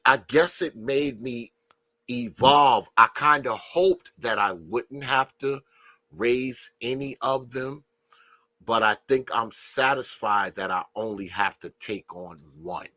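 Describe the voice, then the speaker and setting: Bright-voiced grandfather in his fifties. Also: mid-range voice, dry recording. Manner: laid-back, leans on "you know", swears freely. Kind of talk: casual podcast chat.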